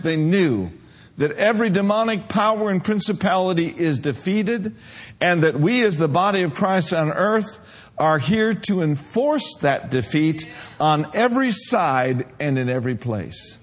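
A male pastor preaching a sermon, retelling a vision and rising to fervent shouts. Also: high voice, lively intonation, a little slow. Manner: preacher reading a vision aloud, building to shouts.

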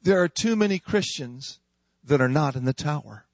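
A man's voice: fairly high pitch, animated, moderate pace, no room sound. A male preacher delivering an emphatic sermon with call-and-response lines.

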